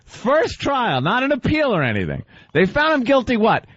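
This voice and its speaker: A man hosting casual radio chat, lively and acting out scenes as he talks. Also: very high voice, moderate pace, no room sound. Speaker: radio host. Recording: dull dry radio studio sound.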